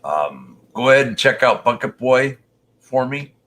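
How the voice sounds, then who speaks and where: A man's voice: medium pitch, big pitch swings, unhurried, a bit bright. A man hosting a casual live stream, chatting with callers and reading viewer comments aloud.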